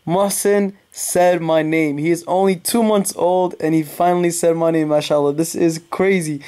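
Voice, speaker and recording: A man vlogging to the camera in casual, excitable, playful talk. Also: a little high.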